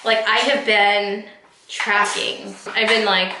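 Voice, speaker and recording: Slow and fairly flat in pitch, a mid-range female voice carries a get-ready-with-me vlog shot at home. The woman, in her thirties, speaks to camera with rambling, heartfelt candor and many fillers, while a camera mic catches background noise and a roomy echo.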